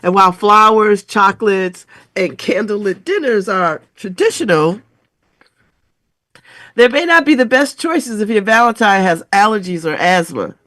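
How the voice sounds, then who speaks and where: A woman's voice: medium pitch, animated, measured pace, a bit bright, no room sound. A middle-aged woman hosting a radio talk show with a stuffy, congested voice, chuckling between remarks as she reads an article aloud.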